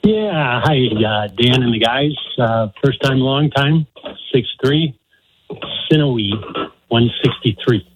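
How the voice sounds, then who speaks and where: Brief: man in his sixties, phone caller, lively pitch, audible line noise. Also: takes it slowly, dull audio. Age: 60s. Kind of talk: phone-in question.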